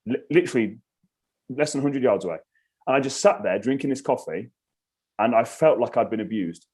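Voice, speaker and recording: A man, a podcast guest telling a story in casual chat, animated and swearing freely. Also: mid-range voice, brisk, husky. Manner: animated, swears freely, acts out his own reactions.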